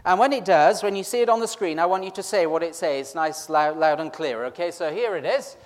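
Speaking a little fast in a slightly high voice, a man delivers an interactive Easter sermon, chatty and teasing as he draws the congregation in. The recording carries the long reverb of a large hall.

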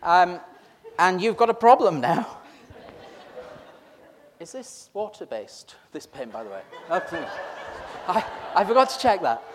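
A man's voice: sits high, sing-song, unhurried. A man preaching an interactive Easter sermon, chatty and teasing as he pulls the congregation in. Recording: long reverb of a large hall.

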